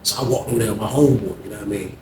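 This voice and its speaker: A man from Norfolk, Virginia telling a story in casual slang, animated and constantly saying "man". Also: lowish voice, very fast, crowd noise. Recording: echoey room, faint noise.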